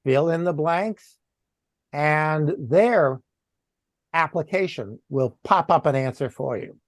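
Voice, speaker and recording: A man's voice: fairly high pitch, takes it slowly, no room sound, studio quality. Boston man explaining on a call. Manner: explanatory, spells out terms letter by letter. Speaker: guest presenter on antenna law. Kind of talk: casual Q&A on a video call. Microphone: video call.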